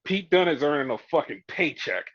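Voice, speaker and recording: A man with a fairly high voice chats through a wrestling recap, swearing freely and acting out what the wrestlers said. The sound is dry and dull, like a lo-fi home recording. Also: brisk, no room sound. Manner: profane, animated retelling with mimicked quotes. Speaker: podcast host. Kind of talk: casual wrestling recap chat.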